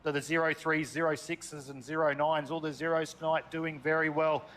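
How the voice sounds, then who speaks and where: A man's voice: a little high, level tone, normal speed, fairly bright tone. An Australian man commentating a sim race, chatty and calling people mate. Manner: chatty, calls drivers mate, speeds up in race calls.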